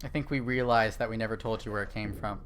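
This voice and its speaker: The voice is a young man's, on the low side yet fairly bright, steady in tone and fast. He's casually chatting on a horror game stream, rambling with plenty of fillers and restarts, over a little hiss or hum.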